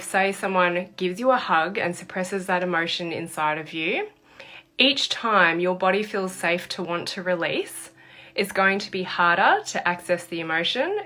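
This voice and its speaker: A woman's voice: on the low side, fairly bright tone. A woman, a therapist and trainer, explaining emotional processes through an earnest story. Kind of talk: explanatory talk to camera.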